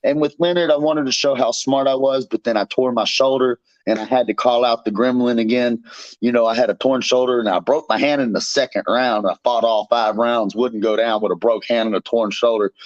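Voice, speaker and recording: A man's voice: mid-range voice, steady tone, fairly quick, no room sound. A man who is a bare knuckle fighter, guesting on a show and trash-talking his opponent in a boastful, profane, fired-up way. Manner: boastful, fired up, swears constantly. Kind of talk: brash profane trash talk. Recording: slightly dull dry recording.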